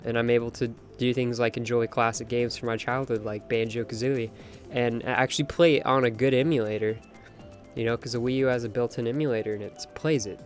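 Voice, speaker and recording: A young man hosting a late-night game stream, chatting casually with an opinionated, talkative manner and reading out chat. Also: medium pitch. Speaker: live-stream host. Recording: faint music behind voice.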